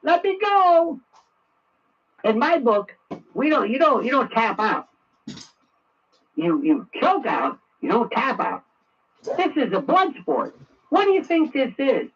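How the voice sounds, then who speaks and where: A man's voice: extremely high pitch, very animated, unhurried, long pauses, fairly bright tone, breathy edge. A man giving a sarcastic, ranting talk radio monologue. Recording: muffled radio broadcast, distant.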